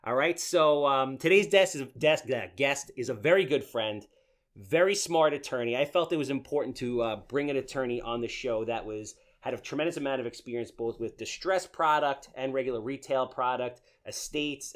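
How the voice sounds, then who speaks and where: A nasal-voiced male podcast host keeps up brash, joking chat in a casual interview, his manner like a salesman's patter. His voice sits in the mid-range, and he talks at normal speed.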